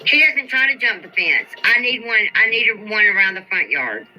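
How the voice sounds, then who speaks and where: A YouTube live streamer chats casually, reading viewers' comments and venting in a profane, exasperated drawl. Her medium-pitched voice has lively intonation at normal speed. The sound is lo-fi with faint music behind.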